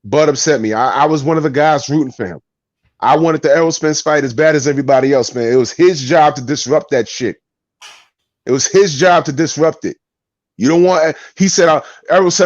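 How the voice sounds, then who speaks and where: A man's voice: on the high side, brisk, no echo, lo-fi sound. A man co-hosting a casual boxing show, ranting and swearing in a heated debate. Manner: profane, ranting, animated.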